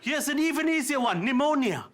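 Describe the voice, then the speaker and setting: A man's voice: extremely high pitch, lively intonation, a little fast, crowd noise. A middle-aged man from India doing a wry, self-deprecating stand-up set on a theatre stage, now and then mimicking other voices. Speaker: stand-up comedian. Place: theatre stage before a live audience. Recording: live theatre with audience laughter.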